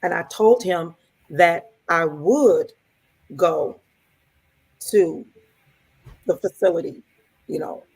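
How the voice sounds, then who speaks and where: A woman's voice: lowish voice, takes it slowly, gravelly, pauses often, darkish tone, slightly rough. A woman co-hosting a podcast, telling a personal story casually and quoting the dialogue as she goes. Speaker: podcast co-host.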